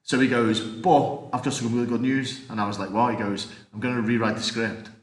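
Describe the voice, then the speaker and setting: A man, a martial artist and actor, telling animated anecdotes as an interview guest. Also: medium pitch, fairly quick. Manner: animated anecdotes, acts out quoted voices. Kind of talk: casual interview storytelling. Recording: roomy echo.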